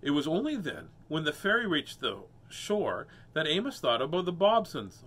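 A man reading a children's picture book aloud at home as the show's host. He wanders off into playful, self-mocking asides between pages, with a lively, varied pitch. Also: moderate pace, few pauses, breathy edge. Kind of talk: storybook read-aloud with joking asides.

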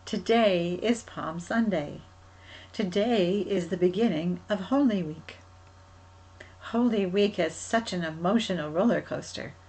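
A woman who coordinates a church's children's ministry tells a Bible story to children. She talks gently and often asks them questions directly. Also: lowish voice, a little slow, poor audio.

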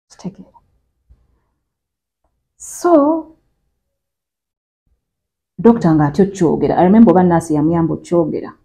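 A Ugandan woman speaks as an interview guest, telling a personal story in a very low, mellow voice. She moves easily between Luganda and English and keeps a conversational tone. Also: gravelly, low-quality recording.

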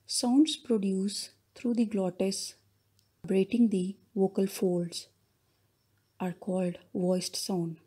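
A woman's voice: medium pitch, steady tone, slow pace, mellow, breathy edge. A woman giving a linguistics lecture as voice-over narration, reading steadily through definitions and examples.

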